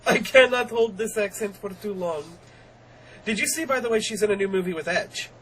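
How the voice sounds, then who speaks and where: A young woman co-hosting a casual wrestling review podcast, animated and quick to laugh, swearing constantly. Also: mid-range voice, slight background noise, rough recording. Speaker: podcast co-host.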